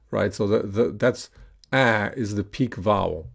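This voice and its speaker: Slow, gravelly male pronunciation teacher. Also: lowish voice. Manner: patient, deliberate, stretches words out to model stress. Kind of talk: slow instructional lesson with repeat-after-me drills.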